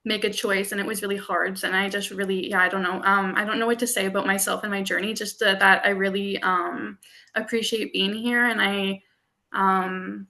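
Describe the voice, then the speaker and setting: A young woman speaking as a panel guest in a bright, tense voice with plenty of vocal fry. Her pitch stays flat and level as she rambles hesitantly through her introduction. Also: moderate pace. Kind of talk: sharing personal story on a panel.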